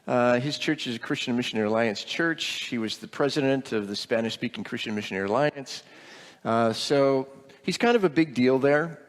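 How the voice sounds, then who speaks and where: Chatty pastor in a reverberant hall. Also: male voice, mid-range voice, a little fast. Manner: chatty and rambling, many ums and restarts, light humor. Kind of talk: casual mission trip report to a congregation.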